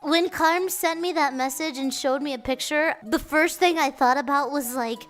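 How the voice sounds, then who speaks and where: A woman's voice: high voice, normal speed, a bit bright, soft background music. A young woman streamer chatting casually to her viewers, telling stories in a playful, chatty way. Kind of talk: casual chat.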